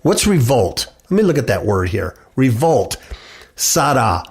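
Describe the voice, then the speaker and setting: A man preaching and reading scripture, taking his time over every phrase. His voice climbs and drops with lively swings. He leans hard on repeated words to hammer home each point. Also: medium pitch, breathy edge. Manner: slow, emphatic delivery, repeating words for effect. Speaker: preacher hosting a religious talk show.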